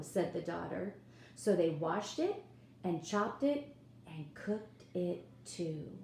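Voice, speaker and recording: A woman's voice: on the low side, animated, takes it slowly, vocal fry, darkish tone, reverberant, slight background noise. A woman reading a picture book aloud to children, pointing out the pictures and asking her listeners questions. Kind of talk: read-aloud storytime.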